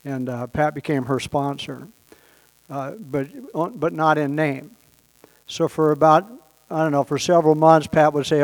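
Guy telling a dry funny story about his life, voice a bit on the high side. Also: level tone, normal speed, a little mellow. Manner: wry, anecdotal, quotes people in brief voices. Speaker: speaker sharing his story at a recovery meeting. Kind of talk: personal storytelling talk.

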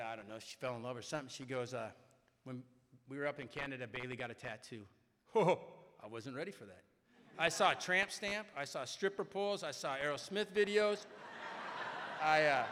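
Middle-aged male speaker, chatty storyteller, bright voice, reverberant hall. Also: fairly high pitch. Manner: conversational storyteller, often asks "right?". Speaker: recovery meeting speaker. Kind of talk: personal story told to a crowd.

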